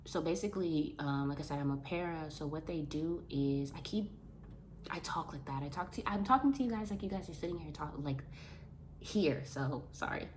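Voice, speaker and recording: Young woman vlogging, low voice, super animated, chatty. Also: moderate pace, a little hiss or hum. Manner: animated, talks with her hands. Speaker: vlogger, school paraprofessional. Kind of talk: casual vlog chat to camera.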